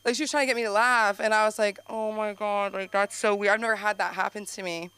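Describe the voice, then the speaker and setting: Young woman, stand-up comic, rambling, self-deprecating, smooth voice, mid pitch, sudden loud yelps. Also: steady tone, fast. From Los Angeles. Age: young adult. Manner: rambling, self-deprecating, laughs at own jokes. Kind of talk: stand-up set at an open mic.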